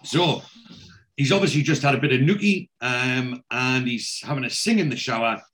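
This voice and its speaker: A man's voice: medium pitch, normal speed, fairly bright tone. A man chatting casually, retelling the scenes of a TV episode and swearing freely as he goes. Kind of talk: casual TV episode recap chat.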